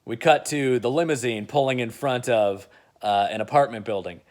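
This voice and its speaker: A man's voice: medium pitch, moderate pace, a little mellow. A man casually retelling an imagined movie plot in a rambling, filler-heavy way. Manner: rambling, with many fillers and restarts. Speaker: video creator.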